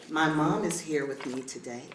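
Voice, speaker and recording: A middle-aged woman giving a heartfelt acceptance speech at a podium, emotional and warm with laughing asides. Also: sits low, moderate pace, heavy background noise. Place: large event hall. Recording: echoey hall with faint ambience.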